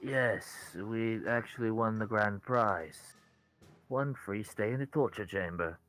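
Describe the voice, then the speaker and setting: Deep, bright-toned man playing a tabletop game. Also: takes it slowly, soft background music, poor audio. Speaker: player. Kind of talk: casual tabletop game chat.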